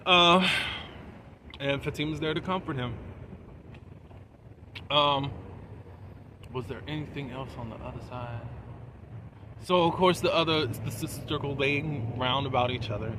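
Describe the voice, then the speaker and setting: A man's voice: mid-range voice, sharp tone, a little hiss or hum. A man giving a casual, chatty recap of a TV episode, laughing between points and asking his viewers questions. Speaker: TV episode reviewer.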